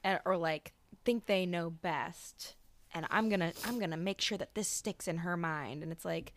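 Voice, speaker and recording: A woman's voice: fairly low pitch, normal speed, fairly bright tone, slight background noise. A woman co-hosting a podcast, giving blunt opinions and thinking aloud in casual chat. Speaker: podcast co-host.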